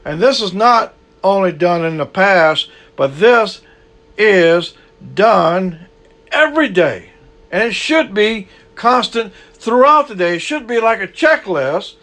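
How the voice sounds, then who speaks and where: A man preaching a sermon, swinging between loud, raised bursts and low, quiet asides. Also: expressive, slow.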